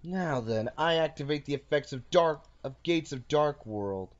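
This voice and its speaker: Guy hosting a card duel, playful, lively voice, kinda muffled lo-fi mic. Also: a little high, unhurried. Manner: playful, narrating his moves. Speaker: host and card game player. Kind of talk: casual chat while playing a card game.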